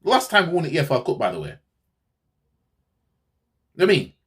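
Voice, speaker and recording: A man's voice: on the high side, huge pitch swings, fast talker, fairly bright tone, husky. A man hosting a fan channel, ranting sarcastically in a heated football reaction, repeating himself as he goes.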